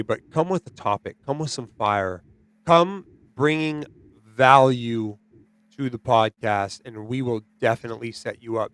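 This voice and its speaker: A man hosting a podcast, chatting casually and telling stories in an animated way, often tagging his sentences with "right?" and "dude". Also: mid-range voice, clean tone, no echo. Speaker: podcast host. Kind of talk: casual chat.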